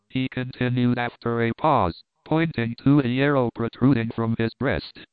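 A man's voice: medium pitch, smooth, no echo. Man narrating an adventure book, phone-thin. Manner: steady, measured reading. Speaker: audiobook narrator. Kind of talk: scripted narration. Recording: tinny phone-like, dry.

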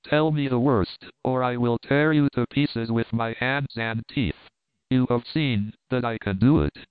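Stern ape-man lord, menacing and commanding, as a male reader plays him; smooth tone, phone-thin sound. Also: mid-range voice, normal speed, no echo, close to an everyday voice. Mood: furious. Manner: cold, threatening, commanding. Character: fierce vengeful ape-man nobleman, adult male. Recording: tinny phone-like, dry.

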